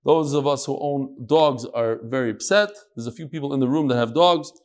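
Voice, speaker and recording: A man's voice: mid-range voice, brisk, darkish tone. A man teaching a Talmud class to a room of listeners, joking in asides between readings of the text. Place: classroom with live audience.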